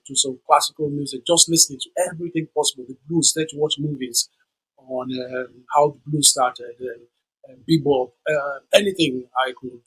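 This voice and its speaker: A man in his sixties with a strongly husky, grainy voice. He is a guest in an interview, telling stories in an animated way and slipping into the voices of the people he quotes. His pitch sits in an ordinary middle range. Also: poor audio. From Nigeria. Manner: animated storyteller who acts out the people he quotes. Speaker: guest musician. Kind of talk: storytelling interview.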